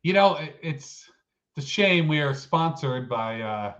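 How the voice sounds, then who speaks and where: A man's voice: fairly high pitch, expressive, measured pace. Dull-sounding male co-host thinking aloud. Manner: thinking out loud, many fillers. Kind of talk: casual chat.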